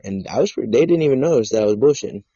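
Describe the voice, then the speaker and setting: A male podcast host chatting casually, blunt and profane, with a joking streak. His voice has a middle pitch. It comes through a dull, dry call line. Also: expressive, fast, dark tone, breathy edge, dry recording. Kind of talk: casual chat.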